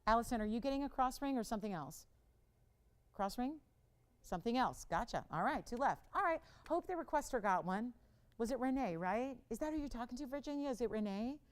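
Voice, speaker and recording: Smooth-voiced chatty woman selling jewelry. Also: a little high, expressive, a little fast. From Los Angeles. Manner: chatty, upbeat, talks to operators and callers. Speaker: shopping channel host. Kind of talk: live sales pitch. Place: television studio.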